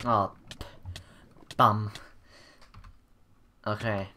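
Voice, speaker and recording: Guy narrating his game, slow and drawn out, bright edgy voice, grumbles at himself, faint keyboard clicks. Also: mid-range voice. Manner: frustrated, self-mocking and chatty. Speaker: gamer. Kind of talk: gameplay commentary.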